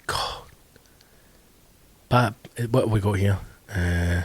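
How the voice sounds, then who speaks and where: A Scottish man with a Glasgow accent, in his thirties, hosting a solo comedy podcast from home, animated, swearing freely and calling his listeners team. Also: medium pitch, normal speed, no room sound. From Scotland. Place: home during lockdown.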